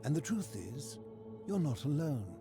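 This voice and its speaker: A man voicing a lonely, aging philosopher hermit in a video game, speaking in a formal, measured and questioning way over game music. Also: on the high side, very animated, gravelly, exaggerated voice. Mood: probing. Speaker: game character. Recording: game audio with soundtrack music.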